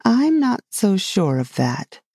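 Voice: mid-range voice, very animated, takes it slowly, warm tone, no echo, studio quality, pitched above the performer's own voice, heavily acted. A narrator doing a lofty careless unicorn. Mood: haughty. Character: proud dreamy male unicorn.

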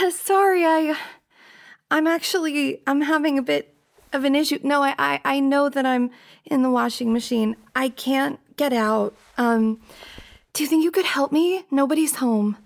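A young woman performing a one-sided role-play monologue, flustered and breathy, with frequent sighs and half-whispered lines. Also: sits high, moderate pace.

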